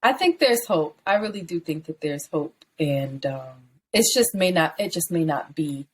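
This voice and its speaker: A woman co-hosting a podcast in casual chat, animated and rambling, swearing freely and jumping up high when she riffs. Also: moderate pace, slightly rough. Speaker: podcast co-host.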